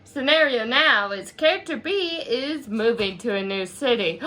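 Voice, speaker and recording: A woman narrating a homemade school skit with a high, bouncy voice. She jokes her way through it at an unhurried pace. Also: lively intonation, bright, forceful tone. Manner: jokey, chatty. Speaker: student presenter.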